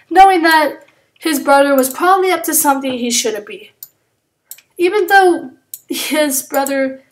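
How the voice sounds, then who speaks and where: A woman casually making up and telling a story as she draws, rambling with lots of fillers and self-corrections. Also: high voice. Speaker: drawing channel creator. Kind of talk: casual improvised storytelling while drawing.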